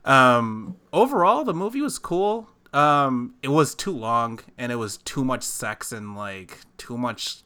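A man's voice: mid-range voice, animated, slow, hardly any pauses, pushed and bright, clear, resonant tone. A man co-hosting a podcast, chatting casually and rambling with many fillers and restarts. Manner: rambling, lots of fillers and restarts, laughs often. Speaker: podcast co-host. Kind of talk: casual chat.

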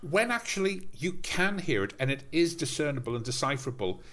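Man, high animated voice, sardonic, sweary, podcast co-host. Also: brisk. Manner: sardonic, sweary, exaggerated put-downs. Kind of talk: casual comedic chat reviewing old TV.

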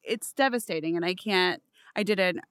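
A woman's voice: lowish voice, normal speed, a bit bright, smooth, no room sound, studio quality. A young woman in her twenties chatting casually and animatedly, rambling with fillers. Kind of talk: casual chat.

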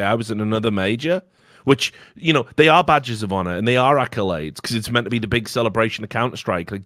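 A man talking on a podcast in a casual, heated rant, blunt and full of swearing. His voice sits at an ordinary pitch, and the recording is close and dry, with no room sound. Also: a bit bright, no echo. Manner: blunt and profane, heated ranting. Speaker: podcast host. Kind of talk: casual opinionated chat.

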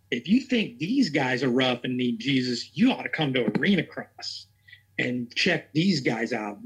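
A man's voice: a little high, a bit bright, breathy edge. A man working as a racing chaplain, telling his story in an interview in a rambling, earnest way and acting out what others said. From Tennessee.

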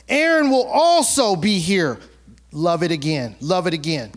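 A male pastor with a high voice and measured pace preaches a sermon, reading scripture aloud and then commenting with humor. In animated, colloquial asides, he acts out the people in the story.

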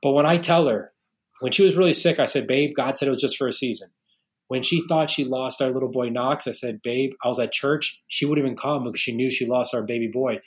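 A man's voice: mid-range voice, a little fast. A man from New York in his forties, a podcast guest telling personal stories in earnest, casual talk with frequent restarts. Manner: earnest storytelling, many restarts.

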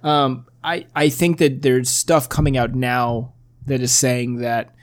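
A man's voice: medium pitch, flat delivery, takes it slowly. Guy rambling on a podcast, lots of likes and you knows, swears a bit. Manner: rambling, filler-heavy, swears casually. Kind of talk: casual chat.

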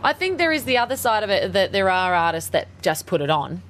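A woman from Australia with an Australian accent, a singer chatting casually in an interview, talking with lots of fillers and quick laughs. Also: mid-range voice, sing-song, a bit bright, a little hiss or hum.

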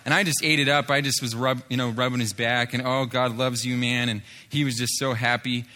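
A man's voice: mid-range voice, steady tone, fairly quick, pushed and bright. A man telling a story from street ministry, with many fillers and restarts, acting out what others said. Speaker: street evangelist telling a testimony. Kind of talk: spoken testimony story.

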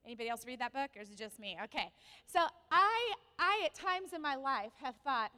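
A woman pastor preaching a sermon, telling a personal story with animated delivery and asking the congregation questions. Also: high-pitched, fairly quick, in a large hall.

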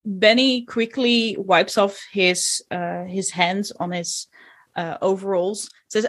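Slow-paced woman game master. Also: medium pitch, fairly even intonation. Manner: descriptive, with filler pauses. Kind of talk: narrating a tabletop game.

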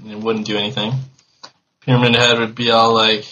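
A man's voice: lowish voice, level tone, moderate pace, pushed and bright, lo-fi sound. A man on a podcast panel, talking with offhand, mocking humor. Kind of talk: casual podcast banter.

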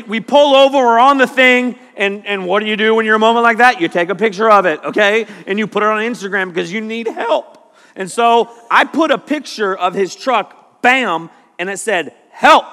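A middle-aged man preaching and telling jokes as a youth pastor, full of animated stories. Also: sits high. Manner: animated, joking storyteller. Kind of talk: sermon. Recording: long hall reverb.

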